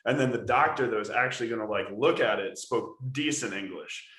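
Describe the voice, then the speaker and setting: An American man tells stories on a casual podcast. He keeps them lively and laughs as he goes. His voice sits at a middling pitch and rings in a roomy, echoey space. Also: brisk. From United States. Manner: animated, laughing storyteller. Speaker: podcast co-host. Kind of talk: casual storytelling chat. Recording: roomy echo.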